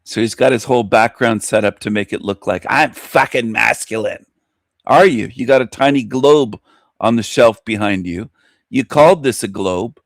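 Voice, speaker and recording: A man's voice: medium pitch, normal speed, no room sound, studio quality. A man hosting a reaction commentary, mocking and confronting the video he is watching. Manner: mocking, confrontational, talks back at the clip.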